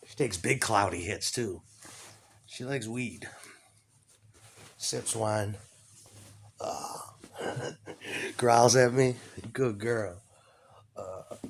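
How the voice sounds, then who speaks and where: A man rambling profanely, mumbling low at times and then shouting. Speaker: vlogger. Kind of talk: rambling monologue.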